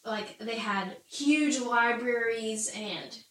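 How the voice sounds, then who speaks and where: A woman's voice: fairly high pitch, slow, fairly bright tone, far from the mic. A woman explaining history in a casual Bible discussion, chatty, laughing often and saying "like" a lot. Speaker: Bible study co-host. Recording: echoey room, off-mic, faint noise.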